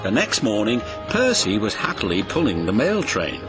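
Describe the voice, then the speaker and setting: A man narrating a children's storybook in an expressive, sing-song way. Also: fairly low pitch, moderate pace. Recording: music behind the voice.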